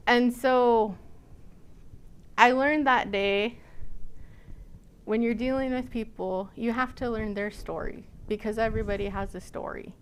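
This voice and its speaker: Woman lecturer from Nebraska, relaxed anecdotal delivery with fillers, slightly high voice. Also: unhurried, long pauses, clean tone. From Nebraska, United States. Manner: conversational, personal anecdotes with frequent fillers. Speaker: college student services coordinator giving a lecture. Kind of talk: storytelling lecture.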